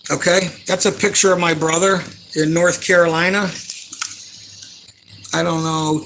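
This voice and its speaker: A man's voice: a little high, little pitch movement, unhurried, long pauses, a bit bright, a little hiss or hum. A man in his forties venting in an emotional, rambling monologue, angry and profane, full of fillers. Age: 40s.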